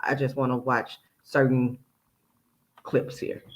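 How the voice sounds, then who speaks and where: This time the commentary host talks slowly in a flat, medium-pitched voice over poor-quality audio. Chatty and relaxed, he reads out someone else's remarks and dissects them one by one.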